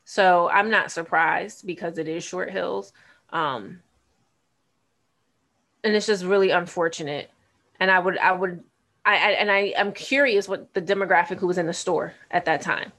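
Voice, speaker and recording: Blunt, low-voiced New woman. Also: steady tone, moderate pace, a bit bright. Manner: blunt, candid, laughs often. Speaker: podcast co-host. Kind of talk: casual chat.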